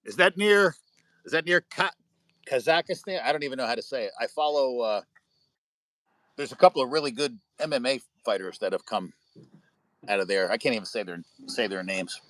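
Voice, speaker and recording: Casting: American man, medium pitch, loose storyteller, dry close sound. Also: lively intonation, brisk, fairly bright tone, dry recording. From United States. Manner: rambling storyteller, swears freely. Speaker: livestream host. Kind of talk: casual chat with viewers. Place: indoors at home by a window.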